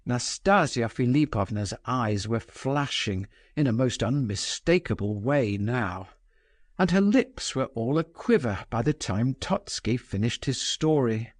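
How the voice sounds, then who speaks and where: A man reading a classic novel aloud as audiobook narrator, with a measured, expressive delivery. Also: mid-range voice, no room sound, studio quality. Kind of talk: scripted narration.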